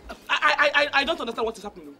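A woman's voice: high voice, expressive, racing, slight background noise. An actress with a Nigerian accent playing a defiant young woman who stammers when pressed. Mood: anxious. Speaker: young daughter. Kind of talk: Nollywood film acting. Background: loud film score music.

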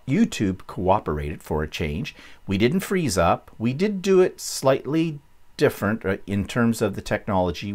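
A man hosting a casual craft vlog, chatty and rambling, correcting himself as he goes, with a slight cough and a frog in his throat. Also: lowish voice. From Canada. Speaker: vlog host.

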